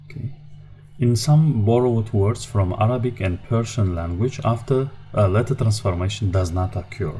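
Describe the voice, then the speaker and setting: A man teaching a language lesson, explaining rules in a slow, halting way with many fillers. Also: on the low side, mellow.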